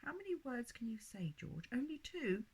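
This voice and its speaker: A woman reading a storybook, voicing a bright young girl who speaks quickly and lightly. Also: on the high side, very animated, slightly rough, pitched above the performer's own voice. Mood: playful.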